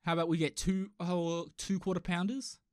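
A man's voice: high voice, little pitch movement, normal speed, darkish tone, no room sound, studio quality. A young man co-hosting a podcast in casual, joking, rambling chat. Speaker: podcast co-host.

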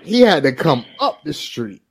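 A man's voice: fairly high pitch, unhurried, vocal fry, breathy edge. A man co-hosting a podcast, telling a childhood story in casual chat and acting out the voices of the people in it. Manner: animated storyteller, acts out quoted voices. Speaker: podcast co-host.

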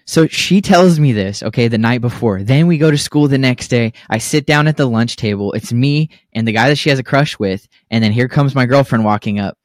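A young adult man co-hosting a casual podcast, telling profane stories and acting out the quotes with lively energy. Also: medium pitch, fairly quick, few pauses, no echo, studio quality. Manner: profane, animated storytelling with acted-out quotes. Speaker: podcast co-host. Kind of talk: casual storytelling chat.

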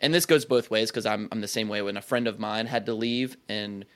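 A man's voice: on the low side, brisk, a bit bright. A young man in his twenties talking in a casual conversation, reflective and rambling, full of "like" and restarts.

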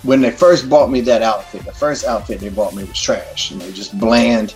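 A middle-aged man telling stories as a guest in a casual interview, animated and full of profanity. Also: lowish voice, normal speed, soft background music.

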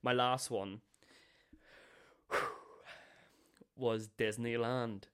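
A man on a podcast telling stories in casual chat, animated and cursing freely. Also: medium pitch, extremely slow, clean tone. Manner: swears freely, animated storytelling. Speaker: podcast co-host.

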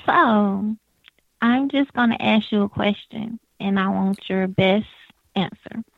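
A woman co-hosting a casual talk radio show, speaking softly and without hurry. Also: medium pitch, vocal fry, dry recording, narrow, tinny audio. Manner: soft-spoken, unhurried. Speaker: radio co-host.

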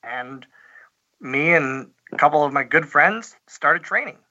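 Interview guest: higher, bright-toned man, halting storyteller, dull lo-fi audio. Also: expressive. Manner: halting, lots of fillers and restarts, chuckles. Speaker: guest, professional wrestler.

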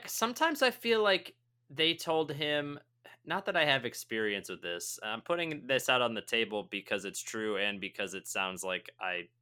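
A man chatting through a movie review on a podcast, with a very bright, sharp edge to his voice. He rambles and jokes about himself as he goes. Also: medium pitch, clear, resonant tone. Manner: rambling, joking, self-deprecating. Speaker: podcast co-host. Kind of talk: casual movie review chat.

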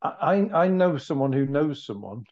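A man's voice: medium pitch, animated, moderate pace, darkish tone, dull audio. A man co-hosting a comedy podcast, rambling in a crude, sweary way. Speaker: podcast co-host. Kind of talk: casual comedy chat.

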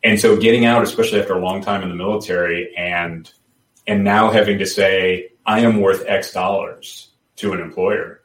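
Low guy rambling on a podcast, lots of restarts, sounds far off in a roomy space. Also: fairly even intonation, normal speed. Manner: rambling, many restarts and fillers. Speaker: podcast guest. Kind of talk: casual chat. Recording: roomy, distant from the mic.

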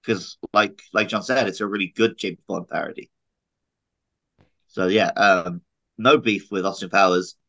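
A man's voice: deep voice, steady tone, measured pace, pauses often, a bit bright, rough recording. A man in his thirties, a podcast co-host in casual chat who laughs often and teases the others. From United Kingdom. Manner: chatty, laughs often, teasing.

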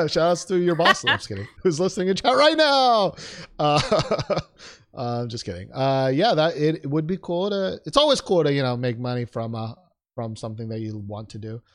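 A man's voice: mid-range voice, expressive, moderate pace. A young man co-hosting a podcast in casual chat, self-deprecating and joking, with many fillers. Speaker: podcast co-host.

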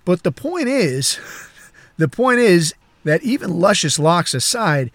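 A male podcast host tells a long, crude, rambling story full of swearing, tangents and chuckles. His voice sits a bit high for a man, very animated and slow-paced, recorded dry and close on a podcast mic with no room sound.

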